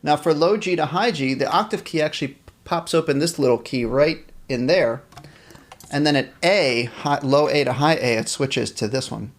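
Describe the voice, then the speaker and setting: Male music teacher, live stream band class, slightly high voice, counts off rhythms, talks to the chat. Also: moderate pace.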